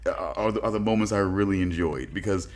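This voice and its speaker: A man's voice: deep voice, fairly quick. Brief: male co-host, emphatic, repeats himself, crowd noise behind him. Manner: stammering restarts, emphatic. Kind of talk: casual chat.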